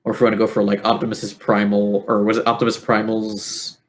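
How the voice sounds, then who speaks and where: Laid-back low-voiced game master. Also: male voice, monotone, a little fast. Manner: laid-back, laughing, many fillers. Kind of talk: narrating a tabletop game.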